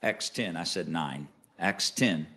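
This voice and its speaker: A man preaching a sermon as pastor, swinging between quiet asides and loud emphatic lines and asking the congregation questions. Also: sits low, slow. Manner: conversational, asks the congregation questions.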